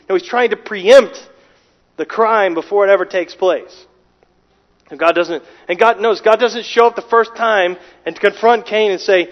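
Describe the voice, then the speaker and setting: A man's voice: sits high, moderate pace. Man preaching in an echoing hall. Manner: emphatic preaching with many restarts and rhetorical questions. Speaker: pastor. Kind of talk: sermon. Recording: dull sound with long hall reverb.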